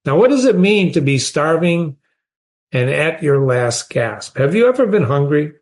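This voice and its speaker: A man's voice: on the high side, big pitch swings, measured pace, a little mellow. A man, teaching a short story in a conversational way and often asking the listener questions. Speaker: literature teacher.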